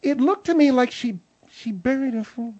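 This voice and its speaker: A woman's voice: high-pitched, expressive, normal speed, warm tone, dull audio. A woman giving a mock-serious, fussy, indignant comedic report, easily irritated.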